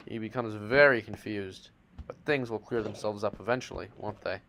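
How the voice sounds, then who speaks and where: This game-series narrator has a lowish, fairly bright voice and moves at a moderate pace. He gives playful, mock-dramatic gameplay narration with teasing asides to the audience, recorded on a noisy home mic with clicks.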